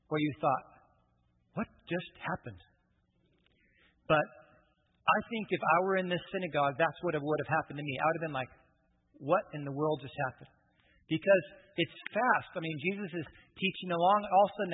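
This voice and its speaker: A man's voice: a little high, slightly rough. A man preaching a sermon in a conversational way, explaining scripture with casual asides and humor. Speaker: pastor. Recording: tinny phone-like sound with long reverb.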